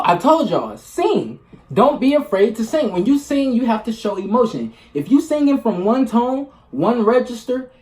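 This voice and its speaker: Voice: mid-range voice, darkish tone. Blunt, profane vlogger in an echoey room. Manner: blunt, profane, loose and rambling. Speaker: spiritual vlogger. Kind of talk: casual monologue to camera. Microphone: camera mic.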